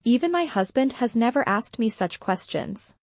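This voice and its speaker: Earnest Russian immigrant woman, careful and literal, voiced by a woman narrator; fairly high, dry close sound. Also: lively intonation, moderate pace, a little mellow, dry recording. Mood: earnest, puzzled.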